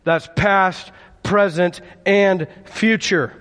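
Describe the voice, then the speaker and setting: A man's voice: high-pitched, steady tone, very slow, a bit bright, big-room sound. A male pastor preaching a conversational sermon and calling on his congregation for responses. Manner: conversational, calls for audience response.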